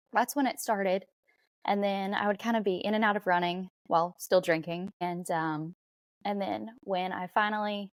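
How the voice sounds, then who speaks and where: Brief: female interview guest, reflective and earnest, medium pitch, dry studio sound. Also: dry recording. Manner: reflective and earnest, with soft fillers. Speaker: podcast guest. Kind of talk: podcast interview.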